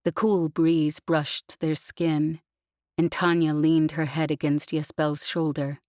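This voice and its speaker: A woman narrates an audiobook in a measured, even way. Her voice is low and her pace slow. The recording is close and dry, with no room sound. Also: dry recording. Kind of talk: scripted narration.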